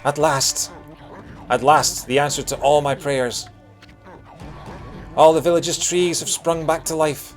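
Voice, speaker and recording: A solemn, pompous old village elder, done by a Scottish man reading game dialogue aloud. He draws his words out slowly and grandly, pitched a touch above the performer's usual voice. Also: steady tone, faint music behind. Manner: slow, theatrical, pompous.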